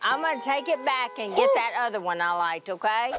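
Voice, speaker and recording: A woman's voice: a little high, lively intonation, brisk. Doting, chatty mother. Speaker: family matriarch on a reality show. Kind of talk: reality show chat and confessional. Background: music.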